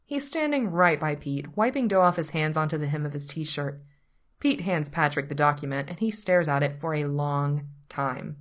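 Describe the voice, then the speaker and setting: A woman narrating a story aloud in an even, unhurried manner. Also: sits low. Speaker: story reader. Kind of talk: reading fan fiction aloud.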